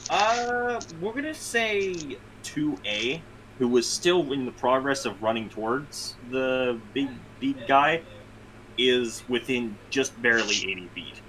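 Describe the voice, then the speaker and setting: Young male game master, animated, casual delivery, faint hiss. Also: medium pitch, slow pace, rough recording. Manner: casual, swearing, laughs at own narration. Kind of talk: narrating a tabletop game.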